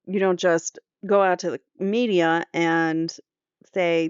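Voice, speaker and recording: A woman hosts a true crime court channel, reading transcripts aloud and stopping to weigh in with blunt, chatty opinions. Her voice is smooth and clear. The sound is dry and close, with a slightly dull, muffled tone. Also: fairly low pitch, steady tone, slow pace, no room sound. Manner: opinionated, conversational asides. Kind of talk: reading trial transcript with commentary.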